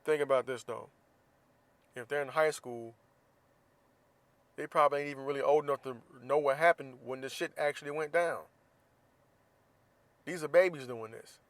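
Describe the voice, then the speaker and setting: A man's voice: medium pitch, normal speed, long pauses, no echo. A man from Florida hosts a podcast, talking alone in a casual monologue. His delivery is blunt and heated, with plenty of profanity. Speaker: podcast host.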